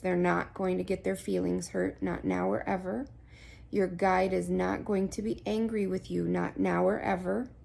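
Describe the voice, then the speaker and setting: A woman's voice: mid-range voice, creaky, darkish tone. A woman coaching viewers on spiritual guidance in casual talk to camera, earnest and reassuring, repeating points for emphasis.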